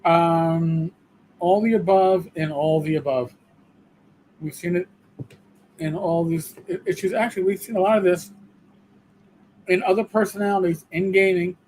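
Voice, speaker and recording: Emphatic New York male co-host, high voice, faint noise behind. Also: steady tone, normal speed, pauses often, darkish tone, poor audio. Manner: emphatic, repeats and restarts words. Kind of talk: casual livestream discussion.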